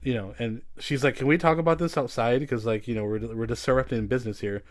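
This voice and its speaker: A man's voice: medium pitch, fast, dry recording. Casual male podcast host, rambling storyteller, swears freely, dry close sound.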